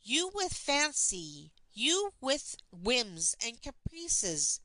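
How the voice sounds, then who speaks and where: An impatient young man who presses eagerly and turns to scorn, read by a woman in an audiobook. The voice sits fairly high and swings widely in pitch. It comes across dry and close, with nothing around it. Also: sing-song, extremely slow, sharp tone, dry recording, full character voice. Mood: mocking. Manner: urgent, scornful. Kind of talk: audiobook character reading.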